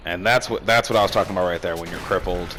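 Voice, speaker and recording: A young man with a deep, low voice talks over his game footage in a loose, rambling way, swearing often and getting worked up. Faint gunfire and game sounds run quietly behind him. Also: racing, noisy background. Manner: excitable, swears freely, rambling. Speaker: gaming commentator. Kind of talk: casual gameplay commentary.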